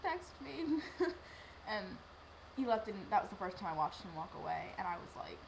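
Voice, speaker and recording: A woman's voice: fairly low pitch, fairly quick, gravelly, noisy background. A teenage girl telling a personal story in a rambling, emotional way, acting out what people said. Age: teens. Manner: rambling, emotional, lively with acted-out quotes. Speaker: vlogger.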